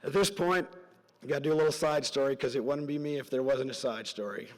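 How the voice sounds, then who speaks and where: A middle-aged man giving a parent's graduation speech as a story, earnest and rambling, his voice dropping soft at emotional moments. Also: mid-range voice, fast. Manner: earnest, rambling with side stories, voice drops soft at emotional points. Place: large hall at a graduation ceremony. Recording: long hall reverb from a large venue.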